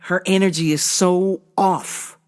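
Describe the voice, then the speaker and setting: A woman's voice: fairly low pitch, fairly even intonation, slow, a little mellow. A woman hosting her own show, telling a comic story in a casual, profane monologue. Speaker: podcast host.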